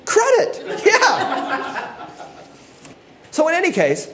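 A man preaching a sermon in a high, strongly varied voice that swings up and down with emphasis. He acts out the people he quotes and breaks into laughter along the way. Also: huge pitch swings, very slow, crowd noise. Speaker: pastor. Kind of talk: expository sermon.

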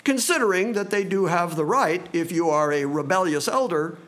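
A man preaching a sermon, reading scripture slowly and dramatically, then speeding up for asides. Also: high-pitched, fairly bright tone. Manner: slow and dramatic, quickening in asides.

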